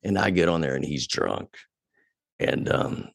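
A man's voice: extremely low pitch, a little slow, creaky, dry recording, studio quality. A man telling a profane story in casual podcast chat, his voice climbing when he gets angry. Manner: profane, animated retelling, voice rising when angry. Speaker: podcast guest.

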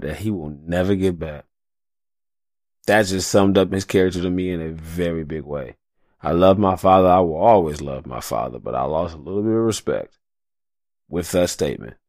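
A man's voice: low-pitched, no echo, studio quality. A young adult man hosting a solo podcast, talking in a passionate, profane rant full of slang. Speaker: podcast host.

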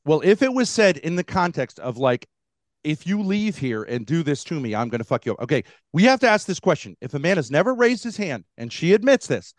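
A man in a heated online debate, talking over opponents and mocking them in put-on voices. His voice sits slightly high for a man and sounds dry and close. It comes through a video call. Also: very animated, brisk, no room sound. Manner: combative, mocks others in put-on voices.

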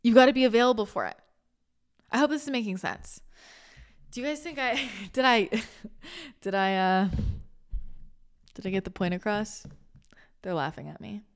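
A woman hosting a spiritual podcast, chatting casually in a rambling, animated way, full of restarts, laughter and casual swearing. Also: mid-range voice, moderate pace, long pauses. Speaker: spiritual channeler and podcast host.

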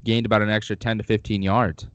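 A man co-hosting a casual sports podcast, talking through football in a measured, explanatory way. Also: fairly low pitch, level tone, no echo, dull audio. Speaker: podcast co-host.

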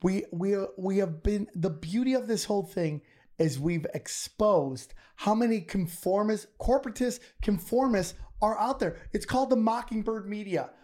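A man in his forties, a comedian hosting a podcast, arguing loudly in casual debate and swearing often. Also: high voice, lively intonation, moderate pace. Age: 40s. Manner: loud, argumentative, profane, interrupting.

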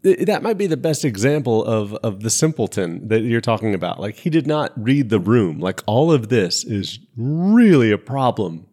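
A man co-hosting a podcast in casual chat, talking in an animated, joking way with some swearing. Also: medium pitch, normal speed, hardly any pauses. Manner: animated, swearing, laughs often. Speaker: podcast co-host.

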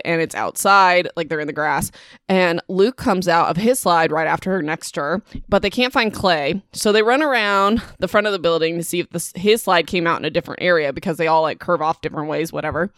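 A woman podcast host casually retelling a book's plot, chatty and full of fillers and asides. Her voice is smooth and clear. The sound is dry and close. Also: lowish voice, a little fast, fairly bright tone, dry recording. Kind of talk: casual book recap.

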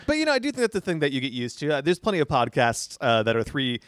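Animated soft-voiced man chatting. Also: mid-range voice, fast talker, dry recording, clean studio sound. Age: 30s. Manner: animated, playful. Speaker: podcast co-host. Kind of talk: casual chat.

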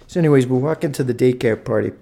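A man in his thirties hosting a solo podcast, telling a rambling story with excitement and swearing freely. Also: medium pitch, fast talker, creaky, slight background noise. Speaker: podcast host.

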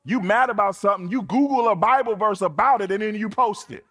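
A man preaching a sermon in an animated, colloquial, playful way. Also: high-pitched, a little fast. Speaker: pastor.

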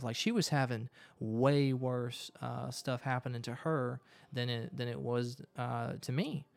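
A man telling a personal story as a guest, animated and quick. He stumbles over and repeats words as he rushes ahead. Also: medium pitch, vocal fry. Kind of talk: storytelling in conversation.

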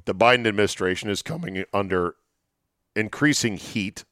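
A man hosting a talk show, telling stories in a chatty, wry way, his voice going hoarse. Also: fairly low pitch, moderate pace, fairly bright tone, no room sound, studio quality. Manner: chatty, storytelling, wry asides. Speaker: sports radio host. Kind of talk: solo monologue, casual chat.

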